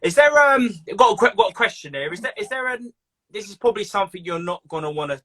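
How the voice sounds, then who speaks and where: A man hosts a casual live stream, his voice bright and forward and his pitch swinging up and down. He talks excitably, tripping over words as he goes. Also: quick pace. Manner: excitable, stumbling, swears freely.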